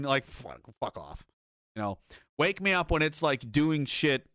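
A man's voice: mid-range voice, expressive, unhurried, sharp tone, no echo, clean studio sound. A man giving casual, rambling commentary as a streamer, swearing freely, chuckling often and restarting his sentences. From North America. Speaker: streamer reading chat.

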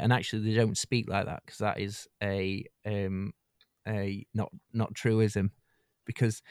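A man's voice: lowish voice, fairly even intonation, unhurried, clean tone, no echo, studio quality. A man rambling and hesitating through a casual comedy podcast chat. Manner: rambling, hesitant, tangent-prone. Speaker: podcast co-host.

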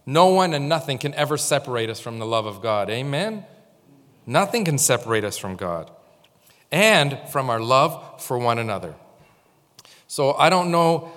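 A man's voice: mid-range voice, sing-song, normal speed, fairly bright tone. Man preaching in a reverberant church. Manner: informal, storytelling, speaks directly to the congregation. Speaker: pastor. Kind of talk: conversational sermon. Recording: long hall reverb.

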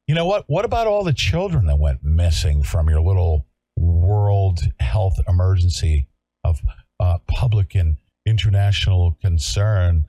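A man hosting a talk show with a gravelly, husky voice that swings widely in pitch. He rants in a combative, sarcastic way. The sound is close and dry. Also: expressive, unhurried, no room sound. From California. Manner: loud, combative, sarcastic ranting. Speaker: show host. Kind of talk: heated talk-show rant.

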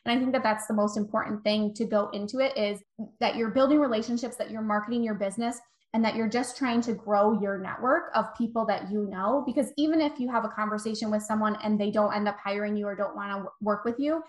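A woman's voice: medium pitch, fairly even intonation, fast. A woman in her thirties, a guest coach giving chatty, encouraging advice and acting out little quoted exchanges. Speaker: guest, virtual assistant coach. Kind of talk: casual podcast interview. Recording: echoey room.

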